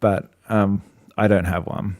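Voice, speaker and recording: Low dry-voiced man rambling on a podcast. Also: level tone, measured pace, darkish tone, no echo. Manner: rambling, laughs often, many fillers. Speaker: podcast co-host. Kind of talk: casual chat.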